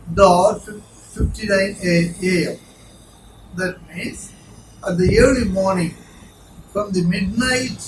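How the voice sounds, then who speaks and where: A man with a Tamil accent teaching a spoken English lesson, repeating each phrase several times to drill pronunciation. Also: sits high. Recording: echoey room, mic far off, noisy.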